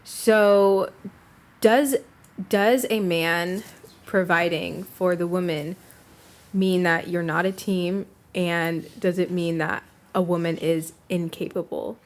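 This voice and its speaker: A young woman co-hosting a podcast in casual chat, calm and thoughtful as she puts questions and reads out comments. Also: fairly low pitch, slow. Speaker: podcast co-host.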